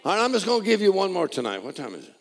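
An older man preaching a sermon, joking folksily and building to shouted praise. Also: high voice, huge pitch swings, very fast. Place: church hall. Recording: live church audio with crowd. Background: congregation laughing and responding.

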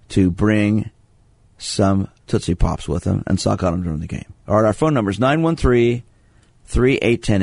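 A man's voice: lowish voice, vocal fry, darkish tone, no echo. A man from Brooklyn hosting a sports radio call-in show, telling stories and often restarting his sentences. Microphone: studio microphone.

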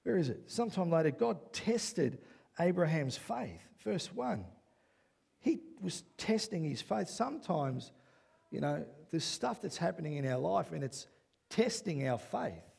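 Gravelly man preaching a sermon. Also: a little high, measured pace. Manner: builds to loud excited preaching, asks "yeah?" often. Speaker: pastor.

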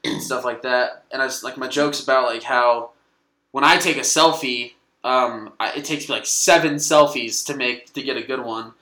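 A man rambles through casual podcast talk, swearing and laughing as he goes. His voice is bright and clear, with the room's echo around it. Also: medium pitch, fairly even intonation, moderate pace. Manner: rambling, profane, laughing often. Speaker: comedian guest.

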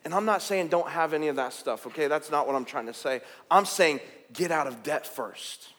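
A male pastor with a high voice preaching in an animated, joking way. He calls out to the congregation and teases them. His voice rings through a big hall with a long reverb tail. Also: moderate pace. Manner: animated, jokey, calls out to the crowd. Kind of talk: sermon.

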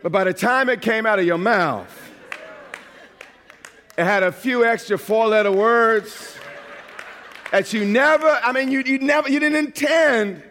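A man from New York preaching a sermon as a pastor, animated and at times shouting. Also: extremely high pitch, a little slow, long pauses, in a large hall, a faint crowd, a little hiss or hum.

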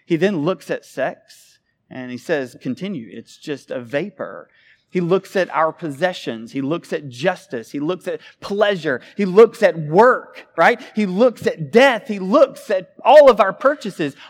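A pastor delivers a sermon in a voice pitched a little above the usual for a man. He preaches with animation, swinging between loud, emphatic peaks and quiet, low asides. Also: lively intonation, a little slow.

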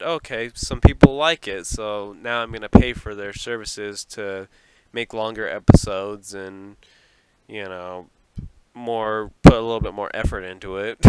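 With background noise behind him, a man with a lowish voice hosts a solo podcast from a small closet. He rambles, runs himself down, and often laughs at himself.

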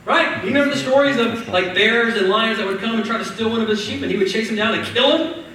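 A male pastor preaching a sermon as animated, conversational storytelling, heard from a distance in a large church hall. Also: very high-pitched, fast talker. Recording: echoey hall from far off.

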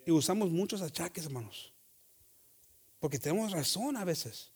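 A man's voice: on the high side, lively intonation, slightly rough. A male pastor preaching a bilingual sermon, switching languages and repeatedly addressing the congregation as brothers. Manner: switches between English and Spanish, often calls out "hermanos"; reads scripture slowly and deliberately.

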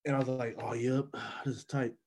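A man's voice: mid-range voice, flat delivery, normal speed, a little mellow, rough recording. Young man, casual storyteller, slangy and profane, mid-range voice. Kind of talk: casual chat.

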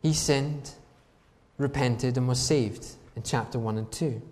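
A man's voice: medium pitch, measured pace, darkish tone. A man preaching a sermon in an emphatic way, asking the congregation rhetorical questions. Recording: long reverb from a large hall.

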